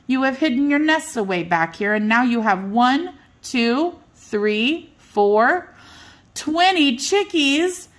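An older woman reading aloud puts on an eager little girl from a bedtime storybook, fond and exclaiming. The voice jumps well above her own and rings out bright and loud. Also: a little high, animated, slow, hardly any pauses, voice pushed up. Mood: excited. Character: excited, affectionate little girl.

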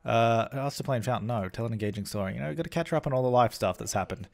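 A man's voice: mid-range voice, rapid-fire, vocal fry. A young man giving casual let's-play commentary, chatty and self-correcting as he plays. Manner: chatty, self-correcting, often voicing his characters. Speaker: gaming YouTuber.

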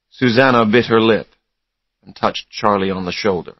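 A man narrating a story for English learners in a slow, clear reading style. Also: fairly low pitch, no room sound, highs cut off.

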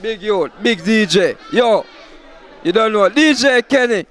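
Brief: high-voiced Jamaican promoter, loud patois shout-outs. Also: male voice, animated, unhurried, some chatter behind. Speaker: party promoter interviewing guests. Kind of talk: shouting out guests at a party.

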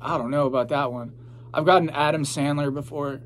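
A young man talks loosely and rambles, filling his sentences with "like" and "you know" and swearing without a second thought. His voice sits a little high for a man, and a faint electrical hum runs under the recording. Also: fairly even intonation, fairly quick. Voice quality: rambling, laid-back, swears freely, many fillers. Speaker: podcast host and rapper. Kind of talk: casual chat.

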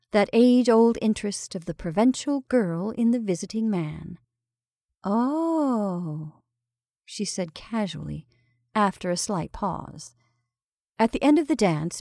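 A woman narrating a classic short story in a measured, calm way. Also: mid-range voice, dry recording, studio quality. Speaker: story reader.

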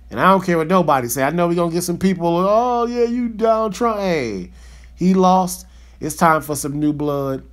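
Fired-up, profane male podcast host. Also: on the high side. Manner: fired-up, profane ranting with slangy asides. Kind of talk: casual podcast monologue.

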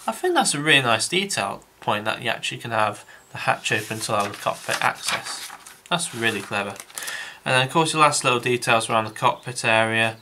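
A man's voice: mid-range voice, lively intonation, fairly quick, sharp tone, slight background noise. A man giving a casual, rambling review of a model kit, thinking aloud with frequent restarts and calling his viewers guys.

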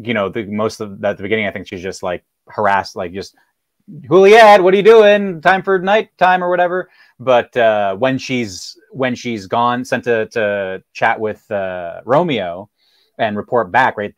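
Low-voiced man rambling hesitantly. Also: no room sound. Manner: hesitant, rambling, many fillers. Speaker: panelist. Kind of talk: casual discussion.

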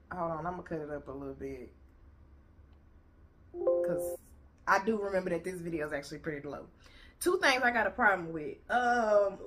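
A woman's voice: medium pitch, pushed and bright. A woman host ranting bluntly and profanely as she reacts to a video.

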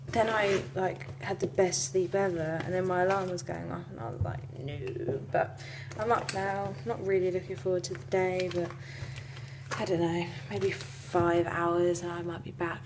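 A woman's voice: on the low side, fairly even intonation, unhurried, background noise. A young woman in her twenties, chatting casually to camera in a rambling travel vlog, with lots of fillers. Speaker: vlogger.

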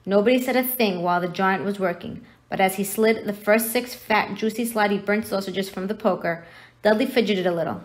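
A woman reading a novel aloud, narrating the story in a steady storytelling manner. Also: mid-range voice, brisk. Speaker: reader.

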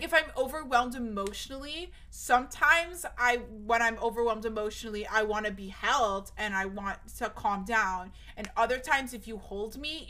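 Pushed and bright, her voice sits on the high side as she chats with viewers on a live stream. The young woman is nervous and rambling, starting over often, cursing, with cracks breaking into her voice.

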